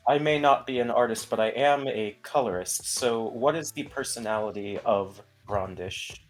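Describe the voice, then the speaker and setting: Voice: medium pitch, normal speed. Chill colorist asking about a character, faint music behind, mid voice. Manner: curious, asks questions. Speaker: colorist for the drawing. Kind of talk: casual group chat.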